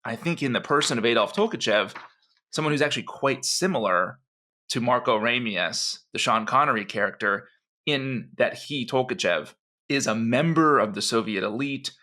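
A man with a bright, forceful voice, co-hosting a conversational podcast. He tells the story with eager, animated energy, pitched in a middle range. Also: normal speed. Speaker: podcast co-host.

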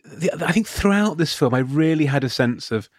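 Brief: a fast, rambling male podcast co-host, dry close mic. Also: a little high, animated, dry recording. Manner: rambling, lots of restarts and laughter. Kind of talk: casual film review chat.

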